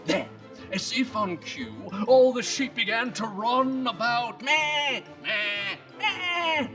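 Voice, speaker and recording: A woman telling a bedtime story slowly and expressively. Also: fairly high pitch. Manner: slow, very expressive, hushed at times. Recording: distant mic, soft music behind.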